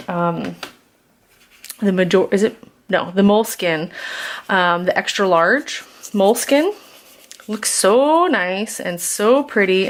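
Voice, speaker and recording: A woman with a slightly low voice talks her way through a craft project in a loose, rambling way. She keeps tossing in self-deprecating asides. The sound comes from a camera's built-in mic. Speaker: craft vlogger. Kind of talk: casual craft tutorial chat.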